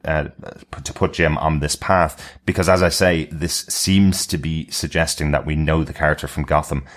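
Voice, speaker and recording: A man's voice: rumbling low, fairly even intonation, moderate pace. A man co-hosting a podcast, chatting casually and musing over theories. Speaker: podcast co-host.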